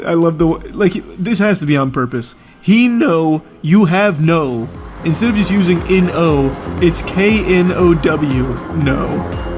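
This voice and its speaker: A man in his forties giving sarcastic, exasperated commentary as he reads out someone's text messages, now and then mimicking them in a shrill voice. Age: 40s. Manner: mocking, exasperated, puts on shrill voices for quotes. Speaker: streamer reading text messages.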